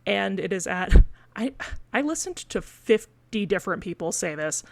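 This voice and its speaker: A woman's voice: medium pitch, expressive, moderate pace, gravelly, dry recording. A woman with a Missouri accent co-hosting a podcast in casual chat, full of fillers and laughing between points. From Missouri, USA. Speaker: podcast co-host.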